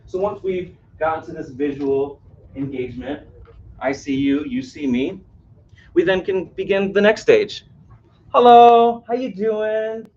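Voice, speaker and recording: His voice is a little high and a little mellow, and his pace a bit slow, as he leads an interactive caregiving workshop for a live crowd aboard a cruise ship. He often asks the audience questions and tosses in "right?", all captured in dull, distant, roomy audio with slight background noise.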